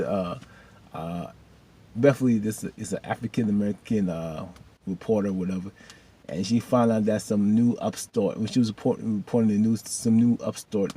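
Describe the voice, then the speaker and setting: Man, low voice, husky, casual episode recap, rambling, slangy, animated. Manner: rambling, animated, loose slang, laughs often. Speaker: video host recapping a TV episode.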